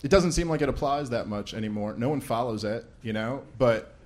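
A man's voice: mid-range voice, a little fast, darkish tone. A man doing a stand-up comedy set on a live event stage, sarcastic and rambling, often laughing at his own jokes. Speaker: stand-up comic opening an event.

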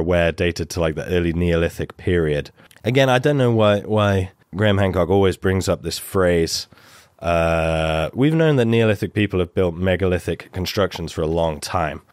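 Deep-voiced man explaining archaeology. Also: dry recording, studio quality. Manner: measured, explanatory, mildly critical. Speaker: archaeology commentator in a played clip. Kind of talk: casual explanatory commentary.

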